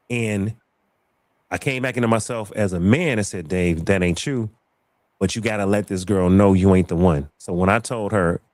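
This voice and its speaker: A man's voice: low voice, darkish tone, no room sound, studio quality. A man hosting a casual live talk show, telling a personal story with animation and repeating phrases for emphasis. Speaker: livestream show host. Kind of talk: casual chat.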